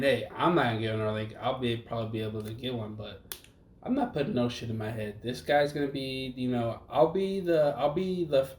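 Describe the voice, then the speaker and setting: Rambling profane young man in an echoey room. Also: mid-range voice. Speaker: podcast co-host. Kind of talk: casual chat. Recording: echoey room, faint background noise.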